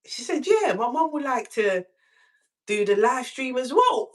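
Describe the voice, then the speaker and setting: A woman hosting a casual live call-in stream from home, telling a story in an animated way and acting out what people said. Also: moderate pace. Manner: animated storytelling, acts out quotes with big pitch jumps.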